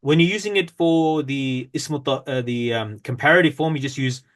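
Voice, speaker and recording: Male teacher, mid-pitched voice, leads a grammar class, reads out passages and breaks them down with pauses and restarts. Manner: explains step by step, reads from a textbook, many fillers and self-corrections.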